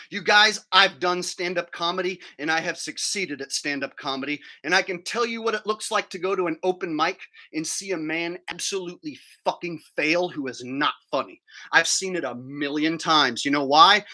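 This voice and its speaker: Mouth full of food, a streamer launches into a combative, foul-mouthed rant on his livestream. He speaks at a normal speed in a high, pushed, bright voice.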